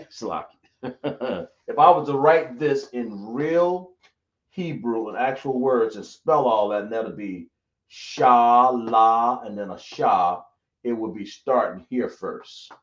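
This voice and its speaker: A man's voice: medium pitch, lively intonation, a little slow. Man teaching in an echoey room. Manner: drawling, self-correcting, asks the class questions. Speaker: Hebrew teacher. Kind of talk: teaching a class. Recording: echoey, dull lo-fi room recording.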